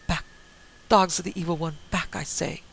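A man's voice: on the high side, steady tone, moderate pace, vocal fry, a bit bright, breathy edge, full character voice. A man voicing a fanatical old minister with a cracked, shrieking voice, in a story reading. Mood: raging. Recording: faint hiss.

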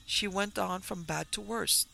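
A man reading a reserved young widow's account in an audiobook, measured and restrained. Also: high-pitched, vocal fry, bright, forceful tone, faint music behind, pitched above the performer's own voice, full character voice. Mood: wary.

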